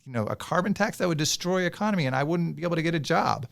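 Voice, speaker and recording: A man voicing a male polar bear climate refugee who talks indignantly and quickly while retelling a student skit. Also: a little high, expressive, gravelly, a bit bright, pitched above the performer's own voice.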